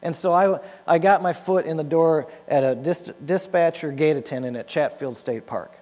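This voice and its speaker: A man's voice: fairly high pitch, normal speed. Man telling his story in a big hall. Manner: animated storytelling, acts out his own past lines. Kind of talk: personal testimony to an audience. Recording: long hall reverb with mains hum.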